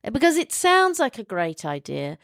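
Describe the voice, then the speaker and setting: A woman's voice: a little high, wildly swooping pitch, moderate pace, a bit bright, dry recording, studio quality. A middle-aged woman co-hosting a podcast, chatting frankly and giving sensible advice. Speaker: podcast co-host. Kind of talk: casual chat.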